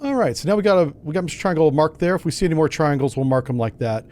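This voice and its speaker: A man's voice: on the high side, animated, very fast, a little mellow. A man hosting a gaming channel, giving casual gameplay commentary and thinking aloud in a wry, self-mocking way.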